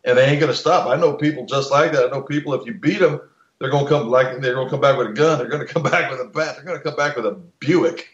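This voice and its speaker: A man's voice: mid-range voice, fast talker, roomy sound, highs cut off. A man in casual podcast talk, blunt and opinionated, swearing freely and restarting his sentences.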